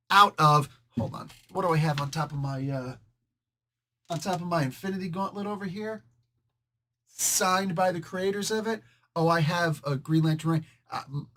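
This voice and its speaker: A man hosting a casual comic book review video, joking and animated and talking straight to his viewers. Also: fairly high pitch.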